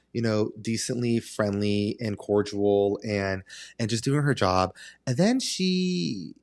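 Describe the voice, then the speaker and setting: A man hosting a podcast, telling a long story in a casual, dramatic way and acting out the exchanges. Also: fairly low pitch. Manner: animated, dramatic storyteller who acts out exchanges. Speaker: podcast host.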